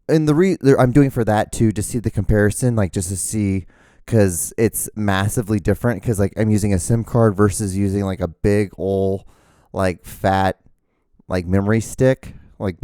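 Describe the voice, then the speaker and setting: A man hosting his own podcast, rambling excitedly about gear with lots of fillers and restarts, out of breath. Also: fairly low pitch, clean tone, no echo, clean studio sound. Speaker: host. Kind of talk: casual solo podcast rambling. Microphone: camera mic, speaking to camera.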